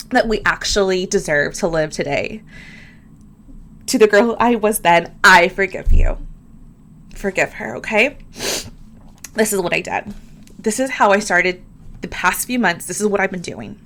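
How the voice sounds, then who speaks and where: A woman's voice: medium pitch, fairly bright tone. A woman hosting her own podcast, talking candidly and earnestly, addressing listeners directly and often repeating words as she works through her thoughts. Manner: earnest, emphatic, repeats words when moved. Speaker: podcast host. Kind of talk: candid personal podcast monologue.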